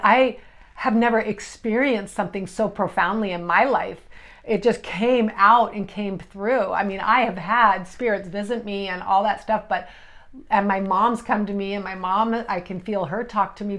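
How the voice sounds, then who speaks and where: A middle-aged woman, an energy healer, telling a personal story in an emotional, halting way with many restarts. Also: mid-range voice, steady tone, fairly bright tone.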